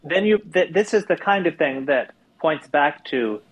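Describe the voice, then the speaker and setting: A man's voice: a little high, animated, a little slow, rough recording. A man in a casual literary discussion, speaking thoughtfully with hesitant fillers.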